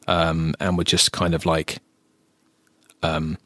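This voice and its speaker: A man's voice: very deep voice, monotone, takes it slowly, a bit bright, no echo. A man from the south of England with a southern English accent, hosting a casual podcast chat and talking with frequent restarts and fillers. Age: adult, lived ten years in current home. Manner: chatty, hesitant with many restarts. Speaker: podcast host.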